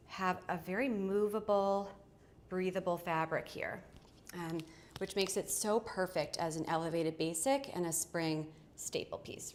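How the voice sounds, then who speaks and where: Chatting straight to her viewers, a fashion livestream host runs a casual try-on from a small home studio, cutting herself off mid-thought now and then. Her voice sits on the low side, with slight background noise behind it.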